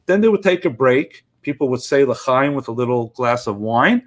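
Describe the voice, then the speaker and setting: A man telling an inspirational story in an earnest, emphatic, measured way. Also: mid-range voice, animated. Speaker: inspirational speaker.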